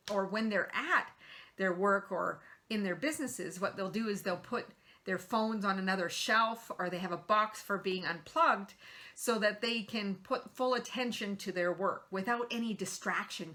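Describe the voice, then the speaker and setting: A middle-aged woman hosts a motivational talk, earnestly coaching her audience with practical tips and rhetorical questions. Her voice is bright and clear at a medium pitch. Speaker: host.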